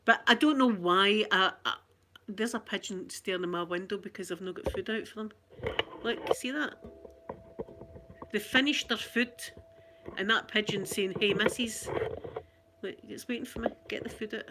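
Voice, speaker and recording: Scottish woman, casual rambling chat, often laughing, phone recording, middle pitch. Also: moderate pace, noisy background. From Scotland. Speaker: channel host.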